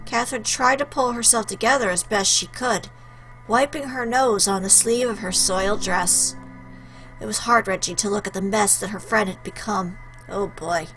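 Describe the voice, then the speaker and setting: A woman hosting a let's play, reading a visual novel aloud with expressive, chatty asides. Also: medium pitch, moderate pace, soft background music.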